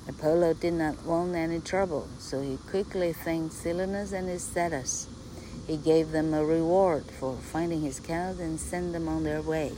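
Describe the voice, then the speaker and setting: A woman's voice: sits low, fairly even intonation, normal speed, warm tone, a little hiss or hum. A woman reading a myth aloud as a storyteller, reading a passage and then retelling it freely. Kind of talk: bilingual read-aloud storytelling.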